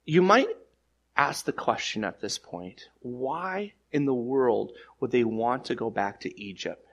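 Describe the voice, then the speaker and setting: Animated male pastor preaching. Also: medium pitch, unhurried, lo-fi sound. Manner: animated preaching with stammered restarts, swinging loud to soft. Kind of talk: sermon.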